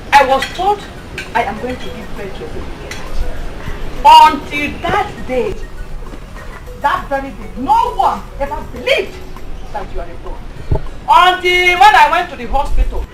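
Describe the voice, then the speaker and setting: An actress with a Nigerian accent playing a doting, teasing village mother in a Nollywood film. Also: on the high side. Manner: animated, teasing, full of pride.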